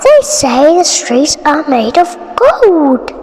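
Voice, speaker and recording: A woman's voice: high-pitched, big pitch swings, slow, a little mellow, big-room sound, slight background noise, heavily acted. A woman voicing a friendly country farmer giving advice in a storybook reading. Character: helpful country farmer man.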